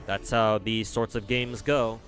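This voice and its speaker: A man with a somewhat low voice talks through a game stream in a loose, rambling way, answering chat bluntly and swearing without a second thought. Faint game music sits quietly underneath his voice. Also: level tone, a little slow. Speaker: livestreamer. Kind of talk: casual commentary while playing and reading chat.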